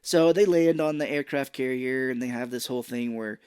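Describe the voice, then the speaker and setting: A man co-hosting a relaxed movie podcast, walking through the plot scene by scene. He keeps slipping into quick impressions of the characters as he goes, in an easy, chatty delivery. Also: mid-range voice, clean tone. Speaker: podcast co-host. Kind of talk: casual movie recap podcast.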